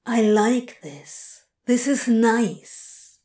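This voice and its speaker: A woman voicing a sardonic, crude male demon with a raspy, breathless voice. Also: medium pitch, takes it slowly, darkish tone, no echo, studio quality, exaggerated voice. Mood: content.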